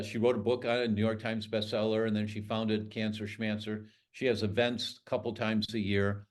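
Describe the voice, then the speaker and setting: A middle-aged man, a doctor guest on a podcast, talking in an emphatic, storytelling way. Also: medium pitch. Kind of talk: podcast interview.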